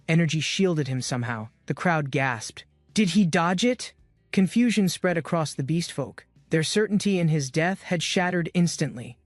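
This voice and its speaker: A man's voice: a little high, dry recording. A man giving scripted, dramatic narration of a comic-book recap.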